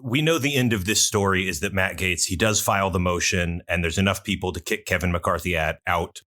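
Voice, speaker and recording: A man hosting an interview podcast, speaking in a measured way as he sums up the story and asks questions. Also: deep voice, bright, forceful tone. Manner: measured, summarizing and asking questions. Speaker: podcast host.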